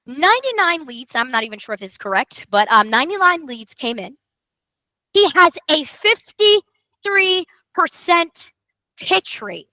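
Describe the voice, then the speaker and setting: A high-pitched woman runs a sales training, her voice swooping all over as she stresses every point. Her tone is bright and energetic. The sound is close and dry. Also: unhurried, no echo, rough recording. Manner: emphatic, excitable, repeats for emphasis. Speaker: marketing coach host.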